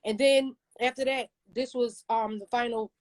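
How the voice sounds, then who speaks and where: A woman's voice: a little high, moderate pace. A woman with a Baltimore accent, a guest singer joking and telling stories in a casual interview over a video call. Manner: joking, animated storyteller.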